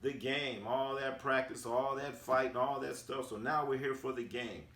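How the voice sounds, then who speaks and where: A man from Oakland in a casual storytelling recap, animated and acting out quotes with slang. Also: medium pitch, moderate pace. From Oakland, California, USA. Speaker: sports vlogger. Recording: roomy sound, distant from the mic.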